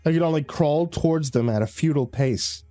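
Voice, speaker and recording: A man narrating a first-person horror story in a measured, grim way. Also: a little high, dark tone, no room sound, faint music behind.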